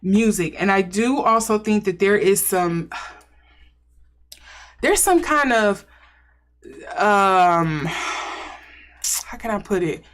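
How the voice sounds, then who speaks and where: A woman at a middle pitch talks through a tarot spread in a relaxed, chatty way. She muses and thinks aloud, wondering and speculating as she goes. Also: slow, pauses often. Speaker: tarot reader. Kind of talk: casual intuitive tarot reading.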